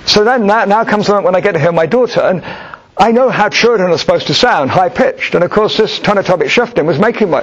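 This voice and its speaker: A middle-aged man answering an audience question with a personal story, thoughtful and halting, with frequent restarts. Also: sits high, husky. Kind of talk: storytelling Q&A talk. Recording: dull lo-fi recording.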